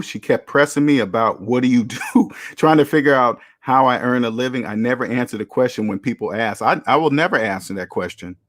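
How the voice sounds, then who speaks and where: A man hosts a casual livestream, reads out viewer comments and answers them in an emphatic, repetitive way, firing off rhetorical questions. His voice sits at an ordinary pitch for a man. The sound is dry and close, with almost no room echo. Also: fairly bright tone. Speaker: channel host reading chat comments. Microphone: camera mic.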